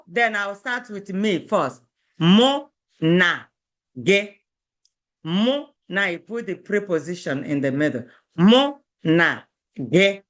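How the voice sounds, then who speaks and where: A woman with an Igbo accent teaching a language lesson, slowly repeating words for her students to learn. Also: medium pitch, fairly bright tone. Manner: slow and deliberate, repeating words for drill. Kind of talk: slow classroom teaching.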